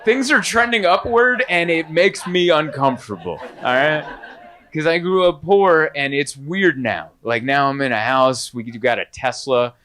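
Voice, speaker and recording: Man, 30s, stand-up comic on a club stage; lively, storytelling, pops into high voices for other characters. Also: moderate pace. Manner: animated, mimics other voices in high bursts. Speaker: stand-up comedian. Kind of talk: stand-up comedy set. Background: audience laughter.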